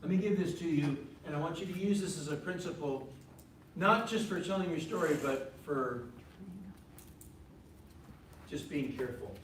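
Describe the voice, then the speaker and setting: A man's voice: on the high side, moderate pace, long pauses, distant mic, a little hiss or hum. Man teaching a class in an echoey room. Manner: conversational, repeats points, asks the class questions. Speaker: ministry teacher. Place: meeting room with a group.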